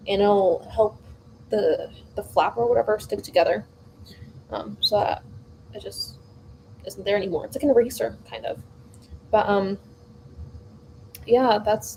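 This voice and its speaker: A woman's voice: medium pitch, fairly even intonation, normal speed, creaky, long pauses, darkish tone, slight background noise, rough recording. A young woman vlogger in a home kitchen, telling a long casual story while baking, rambling with lots of fillers and restarts.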